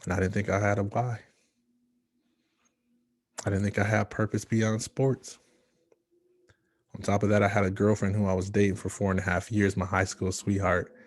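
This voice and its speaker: Low-voiced man giving a motivational talk. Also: little pitch movement, no room sound. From Michigan, USA. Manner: storytelling with dramatic pauses, hushed asides. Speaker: motivational speaker. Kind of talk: motivational speech.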